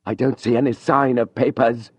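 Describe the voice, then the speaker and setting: A man's voice: mid-range voice, fairly even intonation, moderate pace, husky, dry recording, pitched above the performer's own voice, lightly acted. A man voicing a sly, scheming male priest who speaks in a cool, dismissive manner.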